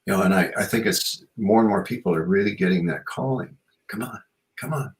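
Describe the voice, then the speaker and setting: A man with a low voice speaks quickly over a faint hiss or hum in a low-quality recording. He's a guest author and shamanic practitioner being interviewed, earnest and musing in a reflective conversation, and he often fills pauses with "you know."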